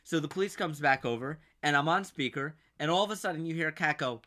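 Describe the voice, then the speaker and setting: A young male podcast co-host tells a story in casual chat, acting out what people said and laughing often as he animates the tale. His voice sits a little high and moves at a quick pace.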